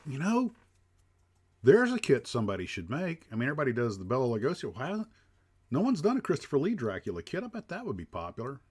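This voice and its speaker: A man's voice: medium pitch, wildly swooping pitch, fast, a little mellow, breathy edge. A man hosting a casual livestream chat, talking in a rambling way with lots of fillers and restarts. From United States. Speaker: livestream host.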